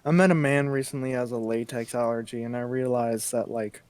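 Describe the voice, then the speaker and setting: A young man co-hosting a casual podcast, joking around in quick, animated bursts. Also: mid-range voice, clear, resonant tone, dry recording. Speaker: podcast co-host. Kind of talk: casual chat.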